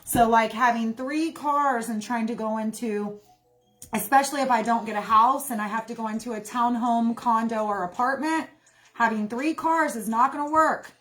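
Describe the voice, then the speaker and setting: A woman's voice: on the high side, normal speed, fairly bright tone, faint music behind. A young woman talking casually to her viewers, rambling and indignant, often saying "y'all". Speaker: livestream host. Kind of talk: candid casual monologue.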